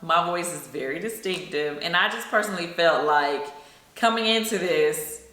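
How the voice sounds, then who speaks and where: Speaking at a normal speed, a middle-aged woman from Atlanta, Georgia uses a fairly low, expressive, somewhat bright voice. The singer and vlogger gives a casual behind-the-scenes chat about a singing show, full of "you know," while faint music plays in an echoey room.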